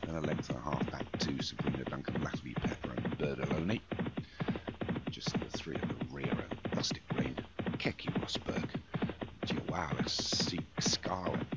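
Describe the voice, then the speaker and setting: A man calls a simulated horse race in a relaxed, joking manner and keeps correcting himself as he goes. His voice sits very low, and the lo-fi recording sounds muffled under loud music. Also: moderate pace. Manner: chatty, jokey, self-correcting. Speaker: race commentator. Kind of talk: amateur horse racing commentary over a game.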